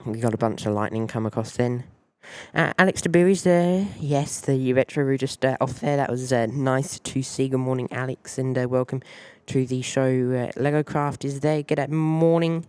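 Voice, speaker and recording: A man's voice: medium pitch, steady tone, normal speed, darkish tone, smooth, no room sound. A man with an Australian accent hosting a live plane-spotting stream, rambling loosely and greeting viewers by name.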